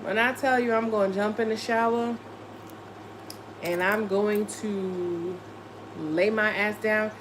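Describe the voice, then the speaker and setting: A woman's voice: mid-range voice, steady tone, slow pace, long pauses, slight background noise. A woman tarot reader chatting casually on a live stream, giddy and playful from lack of sleep, swearing freely. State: running on no sleep.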